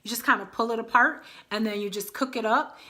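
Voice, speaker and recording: Bright-voiced chatty woman vlogger. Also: on the high side, fairly quick. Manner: chatty, addresses viewers as y'all. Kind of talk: casual chat to camera.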